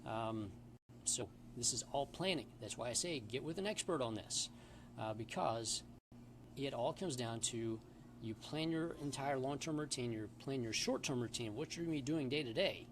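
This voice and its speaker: A man's voice: mid-range voice, moderate pace, background noise. A man who works as a personal trainer, giving casual, emphatic advice to the camera in a gym and often checking in with "okay?" and "all right?".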